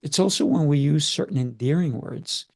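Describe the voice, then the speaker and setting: A middle-aged man speaking as a podcast guest, deliberate and emphatic, drawing out key words. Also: on the high side, expressive, vocal fry, a little mellow, dry recording, clean studio sound. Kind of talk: measured podcast talk.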